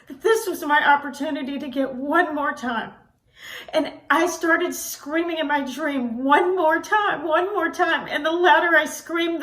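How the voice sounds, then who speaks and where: A woman's voice: high-pitched, fairly bright tone, distant mic. A middle-aged woman talking earnestly to viewers, telling personal stories with feeling and stumbling restarts. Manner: earnest, emotional storytelling with many restarts. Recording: echoey room, a bit off the mic.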